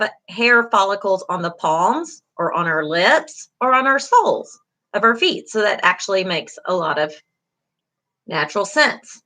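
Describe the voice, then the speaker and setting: A woman's voice: mid-range voice, pushed and bright, poor audio. Woman teaching a class, repeating key terms. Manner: repetitive, reassuring teaching with fillers. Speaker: instructor. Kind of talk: online class lecture.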